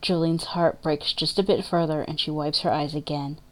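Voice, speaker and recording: A woman reading dramatic fiction aloud in a measured, emotive narration. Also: sits low, steady tone. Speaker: story reader.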